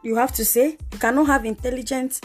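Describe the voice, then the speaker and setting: Animated young Nigerian woman. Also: high voice, a little fast, husky, faint music behind. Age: young adult. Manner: animated, exasperated storytelling. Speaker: podcast co-host. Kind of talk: casual chat.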